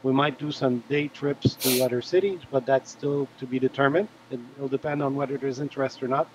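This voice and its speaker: A man hosting a live stream, making relaxed event announcements in a casual chat. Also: medium pitch, brisk, lo-fi sound, slight background noise. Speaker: host.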